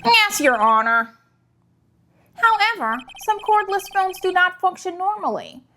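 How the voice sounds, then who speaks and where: A woman's voice: extremely high pitch, sing-song, a little slow, pushed and bright, slight background noise, voice pushed up, full character voice. A woman doing a smug formal male prosecutor.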